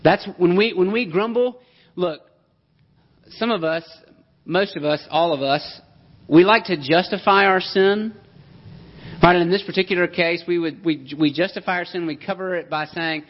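A man delivers a sermon in a fairly high voice, talking with his congregation as much as to them. He presses his points with rhetorical questions and quick asides. The recording sounds dull and lo-fi. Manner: emphatic, conversational preaching with rhetorical questions. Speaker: pastor.

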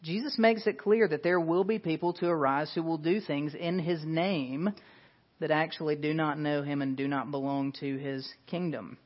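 A man's voice: fairly high pitch, steady tone, normal speed. Earnest man preaching, lo-fi sound. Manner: earnest, emphatic preaching with rhetorical questions. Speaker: pastor. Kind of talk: sermon. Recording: dull lo-fi sound.

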